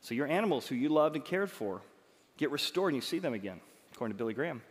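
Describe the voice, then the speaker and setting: Animated preacher in an echoing hall. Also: male voice, mid-range voice. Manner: animated and joking, quick asides. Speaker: pastor. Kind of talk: sermon. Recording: long reverb of a large hall.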